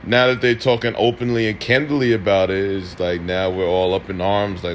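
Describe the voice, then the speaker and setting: Young man, podcast host, casual profane rant, low-ish voice, faint noise. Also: fairly quick, hardly any pauses. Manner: profane, slangy, laughs often, animated.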